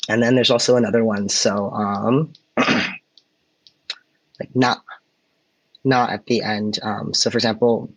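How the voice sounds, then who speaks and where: A man's voice: on the low side, flat delivery, measured pace, long pauses, no echo, poor audio. A man co-hosting a podcast, explaining points in a casual chat and then demonstrating intonation by example, on a close mic. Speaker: podcast co-host.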